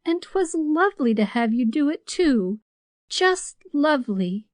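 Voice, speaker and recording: An earnest, tearful teenage girl, as a woman narrator puts her on, pleading in a high, eager voice. Her lines come dry and close, read for an audiobook. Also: very animated, measured pace, no echo.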